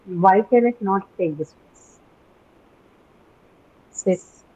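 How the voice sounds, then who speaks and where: A woman's voice: medium pitch, normal speed, mellow. A woman teaching an English pronunciation class, often checking with "right?" and quizzing her students. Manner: tags statements with "right?", questions students. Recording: dull lo-fi recording.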